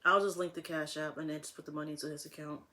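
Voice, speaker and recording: A woman's voice: low voice, steady tone, racing, pushed and bright. Young woman, casual vlog chat, rambling, slangy, laughs a lot. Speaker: vlogger.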